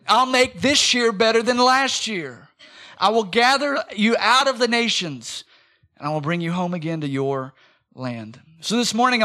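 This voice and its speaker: Male pastor, 30s, emphatic sermon delivery with folksy asides, a high voice. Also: fairly bright tone. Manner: emphatic, repeats key phrases, folksy asides. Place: church sanctuary.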